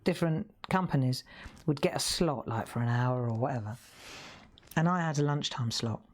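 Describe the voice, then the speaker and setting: A woman's voice: a bass voice, moderate pace. A woman hosting a live craft stream, telling rambling anecdotes as she colours. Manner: rambling, chatty storytelling with laughs. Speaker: craft show host. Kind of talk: casual live-stream chat while colouring.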